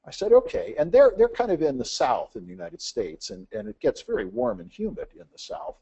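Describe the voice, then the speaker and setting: A man's voice: on the high side, wildly swooping pitch, a little fast, gravelly, warm tone, husky, muffled recording. A man giving a business presentation, telling anecdotes and acting out the dialogue, with frequent "uh" fillers.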